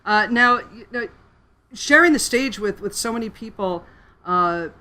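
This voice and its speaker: Bright-voiced woman hosting a chatty interview. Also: medium pitch, animated, measured pace. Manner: chatty, laughs often, filler-heavy. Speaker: radio show host. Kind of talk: casual interview chat.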